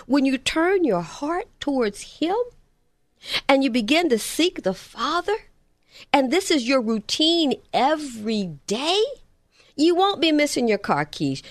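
Middle-aged woman preacher, fairly high voice with big pitch swings, dry close sound, emphatic sermon delivery. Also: big pitch swings, no echo. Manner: emphatic, slows and drops pitch on key words, repeats lists.

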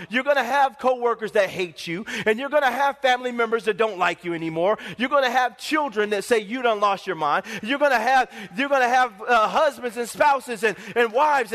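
High-voiced emphatic preacher man. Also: a bit bright. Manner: emphatic, repetitive, call-and-response preaching. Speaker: pastor. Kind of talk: sermon. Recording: long hall reverb.

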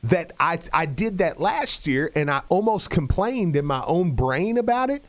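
Lively, chatty man co-hosting sports talk. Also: a little high, moderate pace. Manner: chatty, laughs easily.

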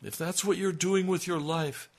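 A man preaching an impassioned radio sermon as pastor, swinging between loud emphasis and hushed, intimate lines. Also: high voice, steady tone, normal speed.

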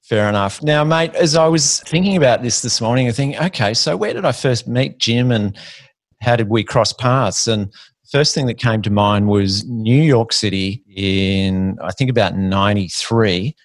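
A man's voice: medium pitch, normal speed, no room sound, clean studio sound. A middle-aged Australian man hosting a casual interview, friendly and calling his guest "mate". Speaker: podcast host.

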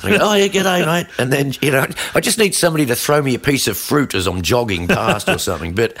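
A man's voice: medium pitch, lively intonation, fast, fairly bright tone, slightly rough. An Australian man co-hosting a podcast in casual chat, rambling and self-deprecating with lots of fillers. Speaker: podcast co-host.

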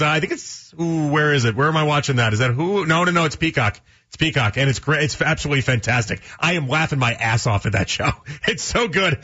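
A man's voice: a little high, bright, forceful tone, slightly rough. A man hosting a sports talk radio show, rambling through folksy analogies and chatting with callers. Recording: dull lo-fi radio broadcast sound.

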